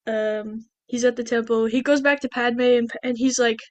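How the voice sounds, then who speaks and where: A woman's voice: on the high side, fairly even intonation, normal speed, hardly any pauses, dry recording. A woman co-hosting a podcast, recapping a movie in a rambling, chatty way full of restarts. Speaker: podcast co-host. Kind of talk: casual movie recap chat.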